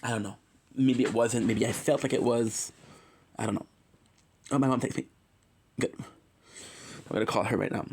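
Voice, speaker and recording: Male livestreamer with a mid pitch, confessional and rambling, emotional, self-correcting. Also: fairly even intonation, normal speed, long pauses, darkish tone, slightly rough.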